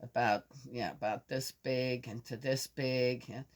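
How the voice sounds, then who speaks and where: A woman's voice: rumbling low, fairly even intonation, a little slow. An older woman talks casually to her viewers in a rambling, chatty way. She drifts from one thought to the next and breaks into laughter often. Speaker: vlogger. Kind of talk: casual chat to camera.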